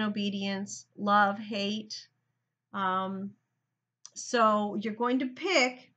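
A woman's voice: a little high, sharp tone, highs cut off. A woman teacher giving a recorded grammar lesson, thinking aloud and talking straight to her students.

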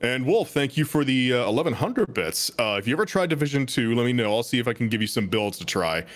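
A young man chatting casually while playing a co-op game, playful and quick to laugh. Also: mid-range voice, sing-song. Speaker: streamer. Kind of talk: casual co-op gameplay chat.

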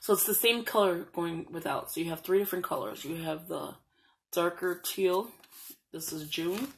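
In this casual show-and-tell, a woman flips through a planner for her channel, chattily reading out the printed slogans. She speaks at a normal speed with a fairly low pitch, and the recording quality is low.

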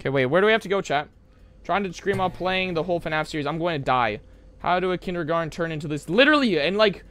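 A young man streaming a horror game live, chatting with his viewers and yelling whenever he gets scared. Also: a little high, animated, quick pace. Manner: loud, jumpy, yelling at scares, chatting to chat.

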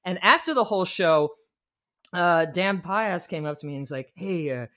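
A man, a musician guest on a podcast, telling stories in casual chat and acting out what people said in lively bursts. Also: sits high, moderate pace.

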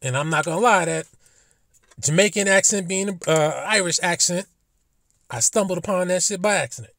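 A man's voice: high-pitched, moderate pace, fairly bright tone, dry recording, studio quality. A man giving a casual commentary monologue as a vlogger, profane and emphatic, with indignant rhetorical questions.

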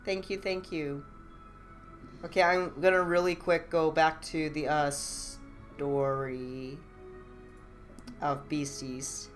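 Slow, relaxed woman streamer. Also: low-pitched, soft background music. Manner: relaxed, chatty, laughs easily. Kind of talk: casual live-stream commentary.

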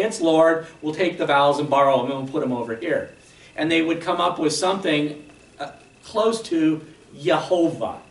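Man, pastor, sermon, slightly high voice, a bit far from the mic. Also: echoey room. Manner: explanatory teaching, frequent "okay?" check-ins. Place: church sanctuary.

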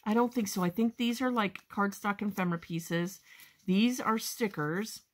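A woman hosting a crafting haul video, chatting casually and gushing with excitement, often calling her viewers "guys". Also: medium pitch, normal speed. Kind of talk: casual show-and-tell haul chat.

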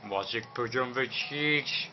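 A man's voice: mid-range voice, slow pace, soft background music, natural voice. A man putting on a swearing drunk guy. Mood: drunken rambling. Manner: slurred, rambling, swearing. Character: rowdy drunk young man. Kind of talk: game voice-over role-play. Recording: muffled lo-fi with faint noise.

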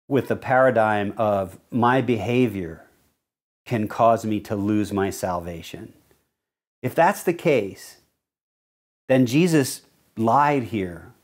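Preaching from the pulpit, this man works through scripture like a teacher, reading slowly and leaning on important words with earnest intent. His pitch is medium and his tone runs somewhat dark.

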